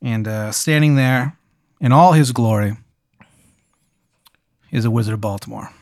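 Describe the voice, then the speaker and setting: A man narrates an improvised comedy scenario in a casual, deadpan way, dropping swear words as he goes. His pitch sits mid-range. The sound is dry and close to the mic. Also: unhurried, dry recording. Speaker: podcast host.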